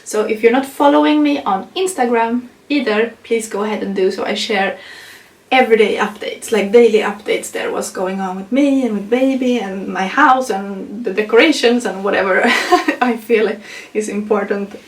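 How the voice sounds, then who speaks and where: A woman's voice: a little high, moderate pace, reverberant, distant mic. A young woman, a non-native English speaker, chatting casually in a pregnancy update vlog, with frequent laughs and fillers. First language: not English. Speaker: vlogger.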